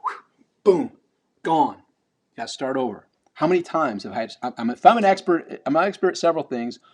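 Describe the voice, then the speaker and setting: A man with a mid-range, somewhat dark voice gives a motivational talk in a vlog. He's blunt and emphatic, swears casually, and repeats words as he builds momentum.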